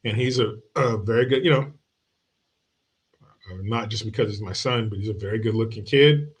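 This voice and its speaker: A man's voice: fairly low pitch, moderate pace. A man hosting his own livestream in casual chat, telling family stories with lots of swearing and frequent laughter. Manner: profane, joking storyteller. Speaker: streamer and show host.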